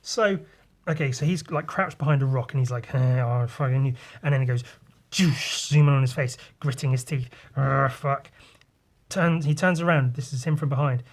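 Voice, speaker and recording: A man's voice: fairly high pitch, quick pace. A man hosting a podcast, casually talking through his comic pages and swearing freely. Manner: loose and rambling, swears, mimics sound effects. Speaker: podcast host.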